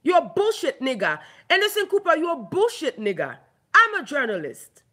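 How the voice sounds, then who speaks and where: A woman's voice: sits high, wildly swooping pitch, moderate pace, bright, forceful tone. A Haitian woman ranting angrily into her own online video, heated, mocking and full of profanity. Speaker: online commentator. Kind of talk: angry ranting vlog.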